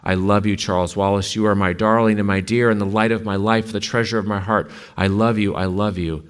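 A man's voice: lowish voice, fairly even intonation, brisk, smooth, close to an everyday voice. A man voicing a determined young girl who pleads with her brother, reading emphatically and rising to cries. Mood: pleading.

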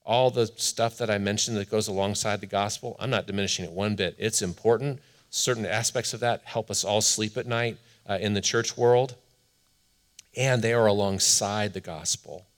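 A male pastor delivers a sermon in a fairly low voice. He speaks earnestly and emphatically, slowing down to let important lines land. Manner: earnest, emphatic, slows down to stress key lines.

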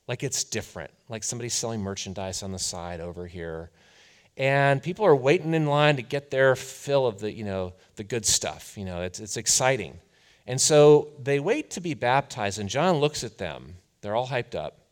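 Animated, conversational male preacher. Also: mid-range voice. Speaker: pastor. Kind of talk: sermon.

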